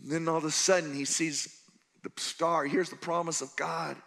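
A man preaching a sermon as a pastor, telling stories with lively character voices and shifting between shouts and soft moments. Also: on the high side, moderate pace, creaky. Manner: animated storytelling, voicing characters.

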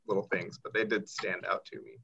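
A man's voice: deep voice, flat delivery, a little fast, gravelly, pushed and bright, slightly rough. A man on a casual film podcast, sharing his opinion hesitantly with lots of fillers. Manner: hesitant, rambling, many fillers. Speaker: podcast co-host. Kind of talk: casual chat. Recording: dull lo-fi mic.

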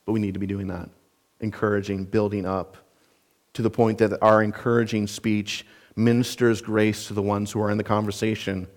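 The speaker is a male pastor with a fairly low voice, flat delivery, and moderate pace. He preaches an expository sermon earnestly and emphatically, defining words and raising rhetorical questions.

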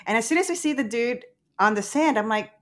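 Casting: woman podcast co-host, higher voice, swears freely, giggly, animated retelling. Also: brisk. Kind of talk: casual chat recapping a movie.

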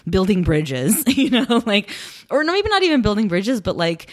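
Young woman, casual podcast chat, lively and laughing, acts out lines. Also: medium pitch, moderate pace. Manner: animated, laughs often, acts out characters' lines. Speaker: podcast co-host recapping a TV episode.

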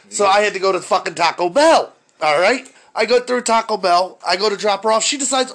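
A man's voice: high-pitched, fast, hardly any pauses, a bit bright. A man telling a profane, exasperated story about his day in casual chat.

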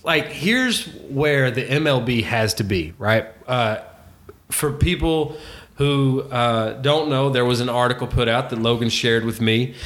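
A middle-aged man co-hosting a podcast, telling stories in a casual, animated way and swearing freely. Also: medium pitch, unhurried. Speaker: podcast co-host. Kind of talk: casual chat.

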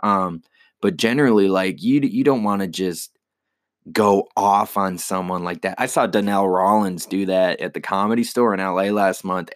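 A man's voice: on the low side, no echo, studio quality. A young man, a stand-up comedian, talking casually in a rambling, profane, self-critical way. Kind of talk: casual monologue.

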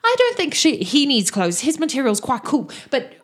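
A woman voicing an excitable, chatty male half-elf gatekeeper who gasps and babbles in a tabletop game. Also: on the high side, breathy edge. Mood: babbling. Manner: gasping, babbling, fast and eager.

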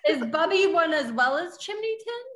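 A woman's voice: extremely high pitch, very animated, normal speed, a bit bright. A woman in casual chat, teasing her friends and explaining slang words. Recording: echoey room.

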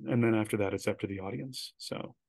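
Lively man telling spooky stories. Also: lowish voice, fast, dry recording. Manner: animated anecdotes, acts out quoted lines. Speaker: guest, director. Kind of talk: storytelling in a podcast interview.

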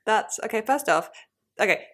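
A woman co-hosting a podcast in casual chat, animated, laughing easily and playfully indignant at her partner's teasing. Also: a little high, moderate pace. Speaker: podcast co-host.

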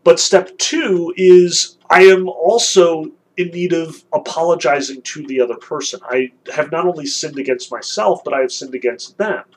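A man giving a literature lecture, reading passages aloud with animated, emphatic delivery and casual fillers. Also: a little high, moderate pace, hardly any pauses, low-quality recording. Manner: fillers and restarts, conversational.

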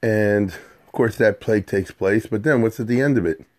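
A man's voice: fairly low pitch, moderate pace, darkish tone. A middle-aged man giving an informal scripture lesson, explaining Hebrew verses in plain English in a conversational way. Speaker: Torah teacher.

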